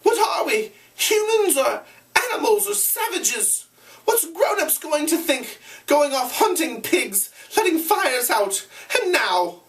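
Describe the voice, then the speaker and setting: A fretful, shrill schoolboy with a squeaky, pleading voice that leaps all over the place, as a man reads him aloud. The sound is a little off-mic, picked up from a short distance. He scolds and frets in high, sharp bursts. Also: sing-song, takes it slowly, full character voice. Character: anxious shrill plump boy, fussy and scolding.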